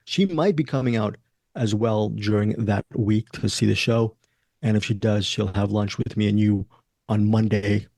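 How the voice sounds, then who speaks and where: A man's voice: on the low side, normal speed, mellow, dry recording. A man hosting a movie podcast in casual, rambling chat, joking and laughing often. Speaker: podcast host.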